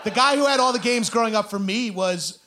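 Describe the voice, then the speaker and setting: Bright-voiced man telling animated stories. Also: high voice, brisk. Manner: animated storytelling, loud laughing bursts. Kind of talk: casual comedic podcast chat.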